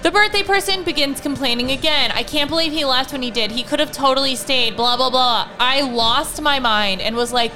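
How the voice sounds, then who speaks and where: A woman in her thirties tells a story in an animated, sarcastic rant, swearing freely and mimicking people with mock quotes. Her voice is high and bright. She sounds like a podcast host in casual chat. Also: brisk, few pauses. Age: 30s.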